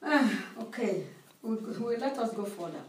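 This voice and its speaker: A woman preaching a sermon with an interpreter, speaking slowly and emphatically and repeating phrases. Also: a little high, expressive. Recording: echoey hall, distant mic.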